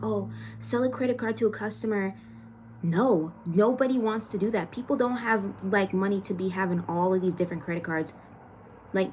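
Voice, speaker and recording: A young woman from Florida talks straight to her live-stream viewers, answering their comments in a loose, profane, venting way. Her pitch sits in an ordinary middle range for a woman. A faint hum of room ambience lingers under her voice. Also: darkish tone. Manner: frank and profane, venting, reads comments aloud. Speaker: livestreamer answering chat. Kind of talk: casual live-stream chat.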